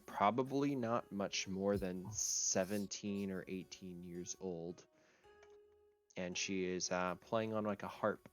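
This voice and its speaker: A man with a very low voice narrates a tabletop role-playing game as game master. He talks in a loose, relaxed way and fills his pauses with ums. Soft music plays faintly behind him. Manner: relaxed, with many fillers.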